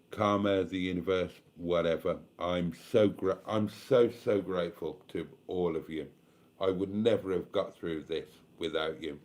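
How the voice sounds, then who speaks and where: Weary man, slow and emotional. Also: low voice, dark tone. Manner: slow, rambling, emotional, thanking viewers. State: tired and a little tipsy. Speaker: YouTube vlogger hosting a live stream. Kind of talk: casual late-night live stream chat.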